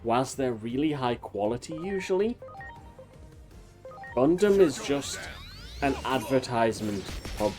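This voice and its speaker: A male streamer giving casual let's-play commentary at a mid-range pitch, drifting into long tangents packed with ums and uhs. Game music plays faintly behind him. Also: very animated, a little slow, long pauses, darkish tone. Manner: rambling, talks in long tangents with many fillers.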